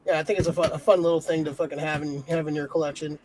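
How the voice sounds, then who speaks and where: A man with a high voice for a man, co-hosting a relaxed podcast chat. He laughs a lot and drops casual curses along the way. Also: racing, slight background noise, rough recording. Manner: laid-back, laughs a lot, casual swearing. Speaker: podcast co-host.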